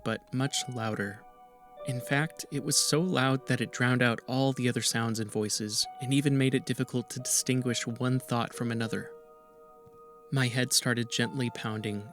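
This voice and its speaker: A man reading a first-person horror story in a steady, even narration. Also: mid-range voice. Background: music.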